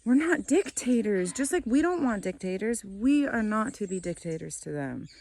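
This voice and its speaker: A woman's voice: medium pitch, sing-song, moderate pace, a little mellow. A woman vlogging outdoors in a garden, chatting casually, laughing often and losing her train of thought. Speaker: vlogger and mother. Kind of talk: casual rambling vlog.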